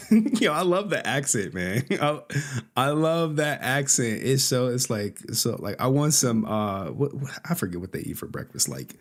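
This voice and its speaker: A man's voice: medium pitch, big pitch swings, unhurried. A man hosting a casual livestream, laughing often, joking and swearing as he talks. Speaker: streamer host.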